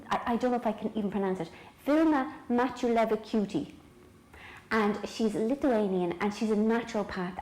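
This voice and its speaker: A woman's voice: a little high, a little mellow, rough recording. Chatty Irish woman, jokey and rambling. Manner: rambling, jokey and self-mocking, talks straight to the viewer. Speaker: author showing her home. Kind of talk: casual chatty video diary. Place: own home, indoors, moving between rooms.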